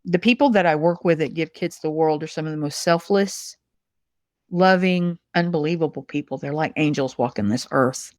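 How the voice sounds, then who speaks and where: Middle-aged woman talking from the heart, a bit low, stops and restarts a lot, dry sound. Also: darkish tone, no room sound. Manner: heartfelt, halting with repeated restarts. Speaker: guest, massage supplies executive. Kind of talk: emotional interview conversation.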